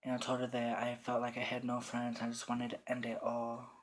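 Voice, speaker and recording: A teenage boy telling his own story in the first person, quiet, somber and plainly spoken. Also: medium pitch, completely flat delivery, fairly quick, a little hiss or hum. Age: teens. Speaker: storyteller recounting coming out.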